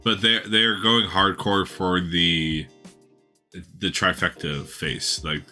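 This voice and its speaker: Deep, bright-toned man in casual chat. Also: fairly even intonation, slow, faint music behind. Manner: thoughtful, self-correcting. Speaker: podcast co-host.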